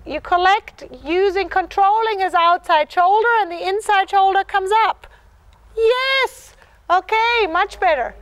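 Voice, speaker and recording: A woman with a very high, light voice coaching a dressage rider in a live lesson. She talks in encouraging bursts, repeats "yes" again and again, and sings out the horse's rhythm. Her teaching is warm but focused. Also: dry recording. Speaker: dressage clinician.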